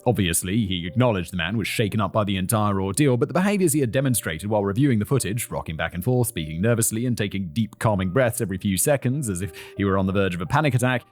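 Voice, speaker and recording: A man's voice: fast talker, few pauses, soft background music. A man with a British accent hosting a podcast, reading a case aloud with rambling, self-mocking asides. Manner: rambling, self-mocking asides, climbs high when excited. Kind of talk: casual chat with read narration.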